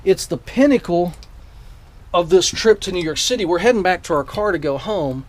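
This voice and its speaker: A man's voice: high-pitched, lively intonation, moderate pace. A man vlogging, eagerly retelling a personal story to camera in a rambling way, with the odd swear.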